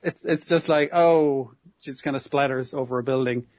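A man's voice: medium pitch, steady tone, moderate pace, a little mellow, no room sound. A man co-hosting a casual podcast, recapping an anime episode, laughing often and swearing freely. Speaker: podcast co-host.

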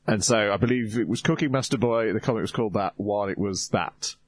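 A man on a podcast explaining things in a measured, casual way. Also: fairly low pitch. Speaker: podcast co-host. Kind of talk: casual chat.

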